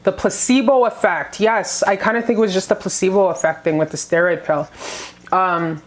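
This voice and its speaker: A woman's voice: mid-range voice, fairly even intonation, moderate pace. A young adult woman talking candidly to her viewers in a confessional vlog, blunt and swearing freely. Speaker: vlogger.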